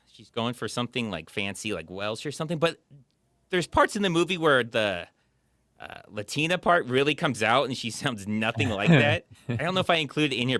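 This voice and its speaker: A man co-hosting a casual chat about movies, rambling and animated, with lots of fillers. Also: mid-range voice, no echo, clean studio sound. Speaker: podcast co-host.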